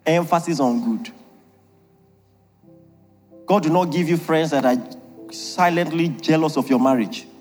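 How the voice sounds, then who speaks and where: A man's voice: a little high, moderate pace, darkish tone, big-room sound, soft background music. A man preaching a humorous sermon on marriage, jokey and emphatic, laughing often at his own lines.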